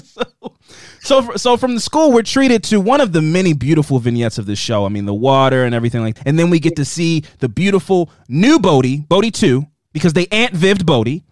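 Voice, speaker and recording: A man's voice: a little high, sing-song, fairly quick, no room sound, studio quality. A man co-hosting a podcast, recapping a TV show in casual chat, sarcastic and laughing often as he acts out quotes. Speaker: podcast co-host.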